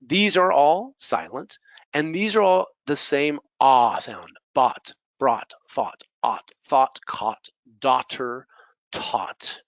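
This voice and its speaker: A man's voice: medium pitch, slow pace, a bit bright, no room sound. A male teacher giving a pronunciation lesson, repeating each word to model it, with Spanish asides. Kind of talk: classroom lesson. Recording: dull lo-fi dry recording.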